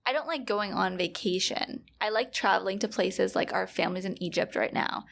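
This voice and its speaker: A woman's voice: medium pitch, brisk, creaky, a bit bright. A young woman in her twenties co-hosting a podcast, chatting casually and trailing off into fillers. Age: 20s. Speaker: podcast co-host. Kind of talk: casual chat.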